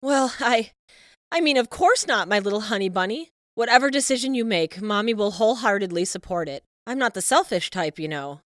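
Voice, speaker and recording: A woman's voice: mid-range voice, expressive, fairly quick, few pauses, no room sound, clean studio sound, close to an everyday voice. A woman voicing an overbearing, scheming middle-aged mother who talks in a cloying, possessive, sing-song way. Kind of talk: animated story voice-over.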